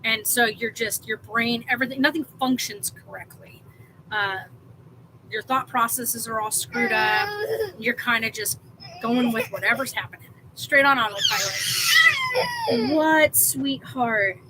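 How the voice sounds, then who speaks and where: A woman's voice: fairly high pitch, fairly even intonation, normal speed, noisy background. Worn-out woman chatting on stream. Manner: rambling, with many fillers. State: exhausted. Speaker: livestream host. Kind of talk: casual livestream chat.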